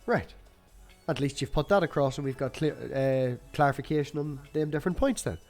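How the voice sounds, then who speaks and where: A man's voice: fairly high pitch, fairly quick, a little mellow, soft background music. A man with an Irish accent in a casual podcast discussion, talking loosely with hesitations and the odd swear word. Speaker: co-host.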